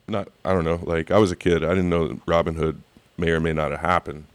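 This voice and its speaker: A man co-hosting a casual talk show, telling animated stories and swearing casually. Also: sits low, fast, dry recording. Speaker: cocktail podcast co-host. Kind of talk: casual chat.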